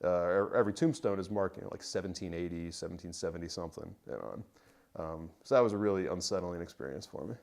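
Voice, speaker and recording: A man's voice: low-pitched, fast, creaky, darkish tone. A young man casually telling a personal army story, rambling with plenty of fillers. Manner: loose and rambling, many fillers. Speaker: interviewee.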